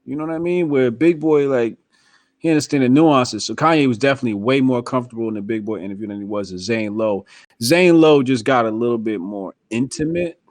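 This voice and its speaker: A man hosting a casual podcast, talking in a relaxed, slangy, emphatic way as he explains his views. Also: mid-range voice, brisk, no echo. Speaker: podcast host. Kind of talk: casual political podcast chat.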